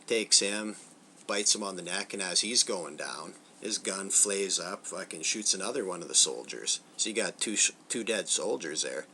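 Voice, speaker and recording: An animated man with a deep, sharp-toned voice hosts a casual film review channel, speaking at a moderate pace with a little hiss or hum in the background. He's loose and profane and acts out film lines in brief snippets.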